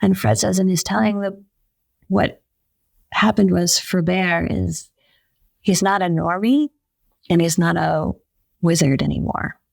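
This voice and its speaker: A woman journalist, a podcast guest, telling a story in a lively way and acting out the quotes. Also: on the low side, a little slow, creaky, pauses often, no echo. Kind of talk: conversational storytelling.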